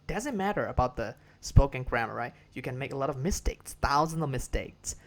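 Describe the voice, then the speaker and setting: A man from Myanmar with a Burmese accent gives a casual spoken English lesson, repeating and restarting phrases and drilling words for listeners to copy. He is an English teacher, and his medium-pitched voice is animated and brisk.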